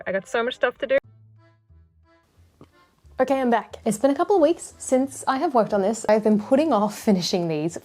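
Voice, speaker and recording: Australian woman, casual vlog chat, rambling and self-deprecating, mid-pitched voice, faint background music. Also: darkish tone. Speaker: jewellery maker and vlogger. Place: home jewellery studio.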